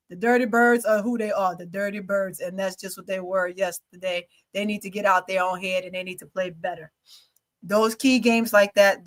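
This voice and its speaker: A woman's voice: mid-range voice, a bit bright. A woman co-hosting a casual sports talk show, reading scores and teasing her co-host with frequent laughter. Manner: playful, teasing, laughs often.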